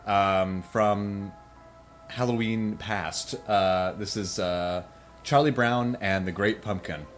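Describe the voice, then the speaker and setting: A young man co-hosting a podcast in casual chat, halting and full of restarts. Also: lowish voice, steady tone, soft background music. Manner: halting, many fillers and restarts. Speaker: podcast co-host.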